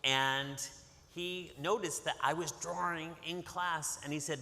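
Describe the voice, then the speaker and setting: Reading a picture book aloud to children, this author from Massachusetts invites them to call back to him. He speaks at normal speed in a fairly high, pushed, bright voice, and the hall adds a long reverb.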